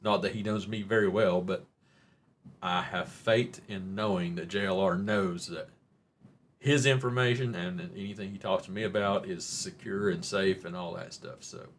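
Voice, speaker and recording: Rambling Oklahoma-accented man, low voice. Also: fairly even intonation, moderate pace, a little hiss or hum. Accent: Oklahoma Southern. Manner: rambling and folksy, jokes with chat, says y'all. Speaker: live stream host. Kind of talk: casual live stream chat.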